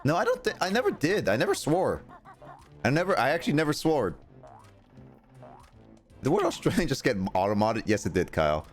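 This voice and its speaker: A man's voice: fairly high pitch, wildly swooping pitch, fairly quick, pauses often, soft background music. A young man chatting casually while streaming a game, rambling, reading viewer messages aloud and laughing often. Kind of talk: casual live-stream chat while gaming.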